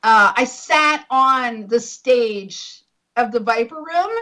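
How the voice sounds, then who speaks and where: A woman co-hosting a podcast, telling a story in an excited, emotional way, full of filler words and close to tears. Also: on the high side, takes it slowly, low-quality recording. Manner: excited, gushing, heavy use of fillers like "like". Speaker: podcast co-host. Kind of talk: casual storytelling.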